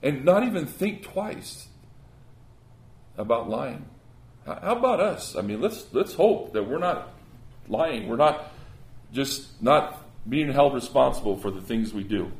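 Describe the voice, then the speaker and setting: Gravelly guy preaching in a church, earnest, kinda stammery, echoey room. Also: medium pitch, sing-song, measured pace. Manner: earnest, conversational, frequent stammered restarts. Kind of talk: sermon.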